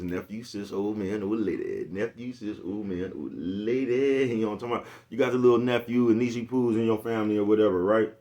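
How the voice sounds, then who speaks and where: With a fairly low, darkish voice, a young vlogger rambles casually to the camera. He laughs a lot, swears heavily, throws in crude slang, and keeps asking "you know what I'm talking about".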